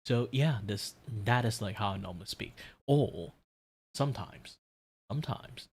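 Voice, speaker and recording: A man from Malaysia, chatting casually on a live drawing stream in a relaxed, rambling, explanatory way. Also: on the low side, unhurried, slightly rough.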